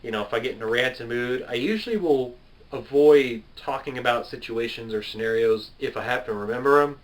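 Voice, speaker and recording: A man's voice: mid-range voice, fairly quick, low-quality recording. Rambling, chatty man in his twenties. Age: 20s. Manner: chatty, self-deprecating, laughs at himself and drifts off topic. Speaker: gaming video creator answering viewer questions. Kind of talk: casual rambling Q&A to camera.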